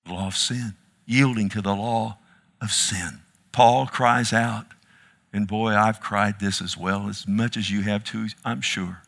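Bright-voiced impassioned male preacher. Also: fairly even intonation, a little slow, gravelly. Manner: impassioned, swings from loud rising cries to low hushed pleading; addresses listeners as "loved one". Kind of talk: sermon.

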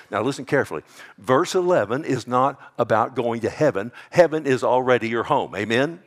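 Man in the pulpit, emphatic sermon, mid-pitched voice, swings soft to loud. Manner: emphatic preaching, calls out to the congregation, swings between soft and loud. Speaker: pastor.

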